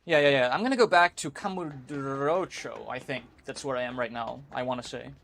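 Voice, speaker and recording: A man's voice: mid-range voice, brisk, gravelly, fairly bright tone, slight background noise. A man streaming a video game live, chatting casually with his viewers, rambling, swearing freely and laughing often. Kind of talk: casual live-stream chat while gaming.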